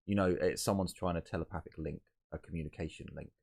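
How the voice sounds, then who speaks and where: A man narrating a tabletop role-playing game from a home setup, his voice very low and deep. He talks in a halting way, often restarting sentences and filling gaps with "um". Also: steady tone, creaky, a little mellow. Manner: halting, with many fillers and restarts. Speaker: game master.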